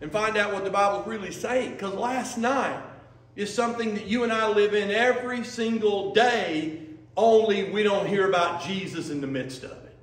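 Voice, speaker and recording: A male pastor preaching a sermon in a lively, conversational storytelling manner. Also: sits high, normal speed. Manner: lively, conversational, acts out quotes. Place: church sanctuary. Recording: echoey church from a distance.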